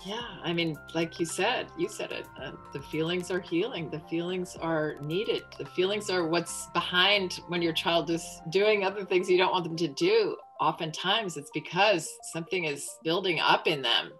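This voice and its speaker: A woman guest in an interview, explaining parenting in a calm, thoughtful way and brightly voicing a parent's words. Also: on the low side, moderate pace, few pauses, soft background music, rough recording. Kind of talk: casual interview talk.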